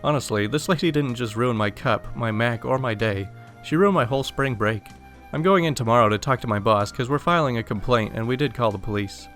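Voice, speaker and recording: A man's voice: mid-range voice, brisk, fairly bright tone, faint music behind. Young man reading a story aloud. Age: young adult. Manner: casual, exasperated storytelling. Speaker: story narrator.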